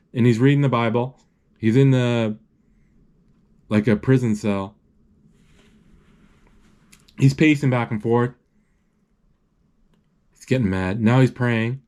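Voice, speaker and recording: A man retelling a film as it plays, describing scenes and reading lines aloud in a halting way with many restarts. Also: medium pitch. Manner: halting, restarts often, reads out dialogue flatly. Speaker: movie narrator. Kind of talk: casual live retelling of a film.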